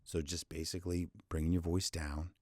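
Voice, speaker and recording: A man's voice: on the low side, moderate pace, a bit bright, no echo, clean studio sound. Forty-something man, voice prone to cracking. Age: 40s. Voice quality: voice often cracks. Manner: chatty, self-deprecating, loose. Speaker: voiceover coach. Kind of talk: casual instructional talk.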